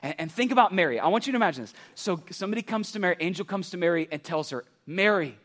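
A man preaching a sermon as pastor, building to passionate near-shouts and then dropping low and quiet. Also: lively intonation, racing. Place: church campus.

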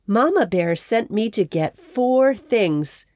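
A woman's voice: mid-range voice, lively intonation, slow pace, darkish tone, dry recording, clean studio sound. A woman voicing a small, eager young male bear cub in a storybook, earnest and childlike.

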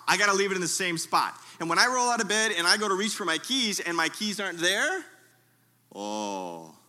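Pastor guy preaching in a tent, high voice, super bright and sharp, funny storytelling, keeps calling out to the crowd. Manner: lively, humorous storytelling with audience call-outs. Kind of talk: sermon.

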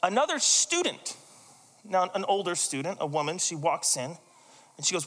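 A man's voice: high-pitched, moderate pace, long reverb tail, a little hiss or hum. A man preaching a sermon, telling personal stories in a chatty way and acting out the voices of the people in them. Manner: animated, conversational, acts out quoted voices. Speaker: pastor.

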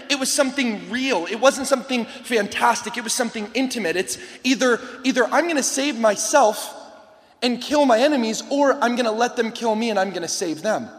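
A man giving an energetic youth camp sermon to a lively crowd, shouting at times and joking between points. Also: very high voice. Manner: animated, shouting to a rowdy crowd, playful asides. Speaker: camp guest speaker. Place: large hall with a live audience. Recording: long hall reverb.

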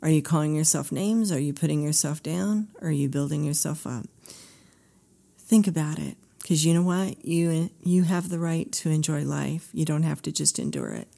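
A woman with a low, gravelly voice talks as a therapist. Her tone is mellow and warm. She speaks earnestly and acts out the dialogue as she tells the story. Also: normal speed. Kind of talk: storytelling talk.

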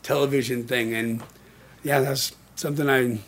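A relaxed male podcast co-host chatting casually with his partner. His pitch sits at a middle height. He often trails off quietly and throws in quick reactions. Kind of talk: casual chat.

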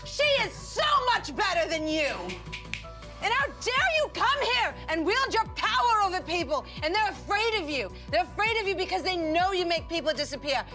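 A woman's voice: very high-pitched, lively intonation, slow, long pauses, a bit bright, faint music behind, voice pushed up, full character voice. A woman voicing a furious young woman who delivers an accusing tirade against a powerful man. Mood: outraged.

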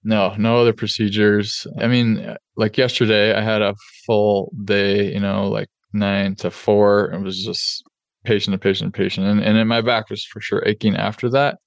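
A man hosting a podcast, telling a personal story candidly in a relaxed, conversational way with plenty of fillers. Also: fairly low pitch, moderate pace, vocal fry, no room sound, highs cut off. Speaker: podcast host and oral surgeon.

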